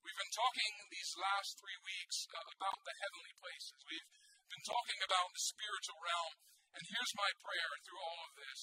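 A male pastor preaches with a high, very bright and sharp voice. His delivery swings lively up and down as he tells a story, and he keeps it conversational with rhetorical questions to the congregation. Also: moderate pace, a little hiss or hum, poor audio. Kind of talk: sermon.

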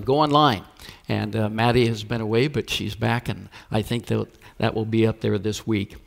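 A man's voice: medium pitch, a little slow, creaky. A man pastor preaching a sermon, telling stories and acting out the voices of the people in them. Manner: storytelling with acted-out voices.

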